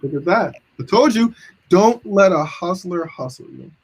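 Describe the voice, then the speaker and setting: A man's voice: sits high, lively intonation, normal speed, husky, low-quality recording. A man co-hosting a casual livestream chat, teasing the guests with playful questions. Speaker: co-host.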